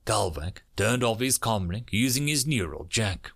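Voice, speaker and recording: A man reading a science-fiction war story aloud with a dramatic, expressive delivery. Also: lowish voice, a little slow, few pauses.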